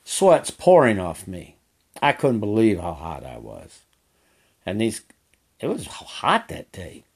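A man's voice: fairly low pitch, huge pitch swings, takes it slowly, slightly rough. An older man who works as a horseback trail guide, telling a story in a folksy, rambling way and repeating phrases. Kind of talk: casual storytelling.

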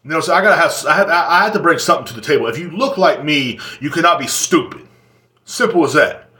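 A man's voice: a little high, animated, fast, pushed and bright. Profane rambling man in a roomy room. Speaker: podcast host. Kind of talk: casual solo rant. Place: seated indoors in a chair.

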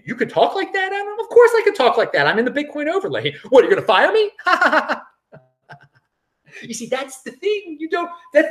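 A man hosting his own cryptocurrency show, talking in a sarcastic, rambling way with frequent restarts and chuckles. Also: high voice. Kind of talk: casual livestream commentary.

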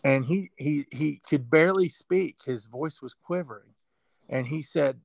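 A man who works as a sports information director, telling a story emotionally and haltingly, with many fillers. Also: on the high side, gravelly, no echo. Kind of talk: storytelling in an interview.

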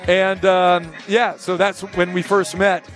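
A middle-aged man hosting a sports talk show, telling a rambling, animated story in casual chat. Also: sits high, slow, soft background music. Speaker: host.

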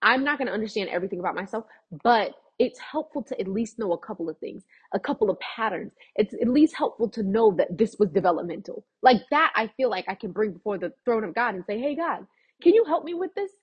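A woman's voice: mid-range voice, quick pace, husky, dull audio. A young woman, a college student, talking about her life in a chatty, earnest way, with many "like" fillers. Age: young adult. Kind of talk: casual personal talk to camera.

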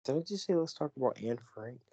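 A man's voice: medium pitch, animated, fast talker, mellow, no room sound, lo-fi sound. A young man co-hosting a casual podcast chat, joking around in slang and losing his train of thought. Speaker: podcast co-host.

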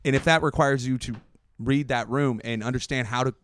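Smooth-voiced comedian musing at length. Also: male voice, medium pitch, fairly quick, a bit bright, no room sound. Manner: thoughtful, long winding sentences with fillers. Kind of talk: casual podcast chat.

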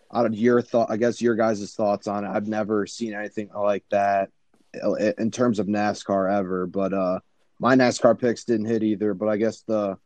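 A man with a low, mellow voice talks on a sports betting podcast. He speaks haltingly, with many fillers and restarts. The sound is dry and close. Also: no echo. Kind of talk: casual podcast chat.

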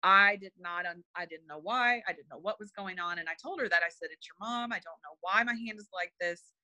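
Bright-voiced woman telling a heartfelt story. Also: lowish voice, a little fast, dry recording. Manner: hesitant, full of fillers and restarts; earnest and emotional. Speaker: interview guest, spiritual medium. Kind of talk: personal storytelling in conversation.

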